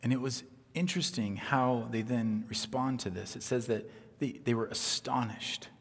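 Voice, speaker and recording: A man preaching a sermon as pastor, earnest and emphatic, dropping to a hush on key points. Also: medium pitch, moderate pace, husky, in a large hall.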